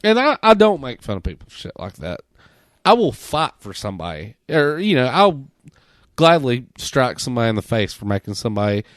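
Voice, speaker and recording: Podcast guy telling a wild story, swears a lot, pitch jumps all over, dry close mic. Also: brisk, no room sound. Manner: animated, profane storytelling, mimics people he quotes. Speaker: podcast host. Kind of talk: casual storytelling chat.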